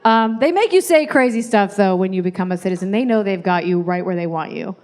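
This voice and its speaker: A woman's voice: medium pitch, fairly quick, darkish tone. An Irish-born woman in her thirties with an American accent, doing a chatty, self-deprecating stand-up set on a club stage. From Ireland. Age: 30s. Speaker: stand-up comedian. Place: comedy club stage with live audience. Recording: live club audience laughing.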